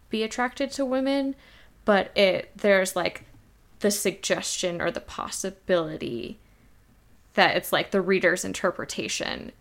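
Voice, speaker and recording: A woman talks casually about a book with her co-host, voice sitting low with a gravelly edge. She wanders through her thoughts with plenty of fillers and restarts, in an easy conversational rhythm. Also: fairly bright tone. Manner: rambling, many fillers and restarts. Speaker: podcast co-host.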